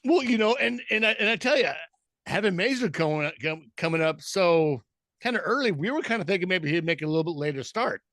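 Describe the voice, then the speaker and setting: A man co-hosting a podcast, chatting casually about baseball in a halting way that repeats words. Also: sits high, expressive, fairly bright tone, no echo, clean studio sound. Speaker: podcast co-host. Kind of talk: casual sports chat.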